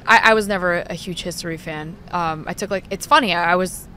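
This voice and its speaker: A woman's voice: lowish voice, fairly quick, sharp tone, a little hiss or hum. A woman in her twenties from Long Island with a Long Island accent, a chatty, self-deprecating podcast guest. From Long Island, New York. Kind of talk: casual interview chat.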